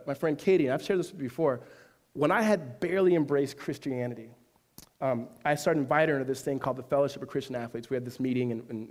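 A pastor with a slightly high, darkish voice preaches a sermon in a casual, conversational style, his voice climbing to emphatic peaks. The recording has the reverb of a hall.

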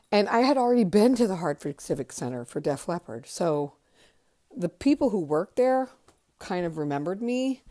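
A woman in her fifties, a podcast host telling her memories in a chatty, conversational way that drifts softer at times. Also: on the low side. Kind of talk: casual memoir storytelling.

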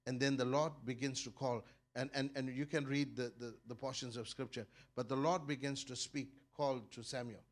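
A middle-aged man preaching a sermon as pastor, with his voice swelling loud and high on key points and then dropping low, often repeating words as he builds a thought. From South Africa.

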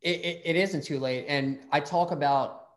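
A man's voice: a little high, normal speed. A middle-aged man hosting a casual interview, telling rambling stories and swearing freely. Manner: rambling, profane, lively storyteller. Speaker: podcast host.

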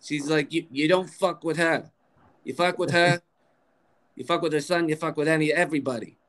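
A man's voice: fairly high pitch, fairly even intonation, a bit bright, voice pushed up, natural voice. A man putting on a brash New York mom. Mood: fiercely protective. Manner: blunt, fiercely protective, rapid-fire. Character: brash blunt New York Jewish mother, middle-aged woman. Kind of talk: comic impression within storytelling.

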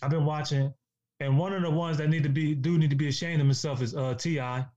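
A man's voice: a little high, steady tone, fast, warm tone. A man in a casual podcast discussion, talking in an emphatic, preachy way and repeating himself for stress. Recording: dull lo-fi sound.

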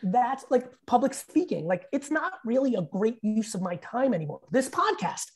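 A man's voice: very high voice, expressive, normal speed, darkish tone, husky. A man in his fifties, a podcast guest, telling profane, emphatic stories in casual chat and acting out what people said. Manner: profane, emphatic storyteller who acts out quotes.

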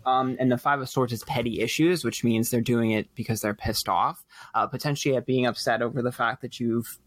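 A young man reading tarot cards on a group voice call, relaxed and rambling, swearing loosely. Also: mid-range voice, fairly quick, no room sound. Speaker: tarot reader.

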